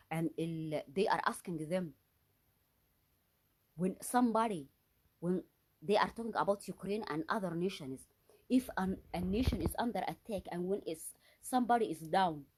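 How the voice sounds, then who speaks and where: A woman's voice: lowish voice, a little mellow. A woman delivering an unscripted solo monologue, agitated and accusatory, often stopping to restart and repeat her words for emphasis. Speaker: vlogger.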